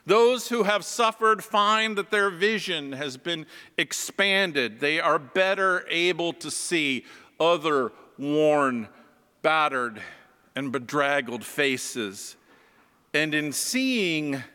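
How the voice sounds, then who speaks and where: A man, a pastor, preaching a sermon and telling stories in a slow, reflective way. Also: a little high, sharp tone, big-room sound. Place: church.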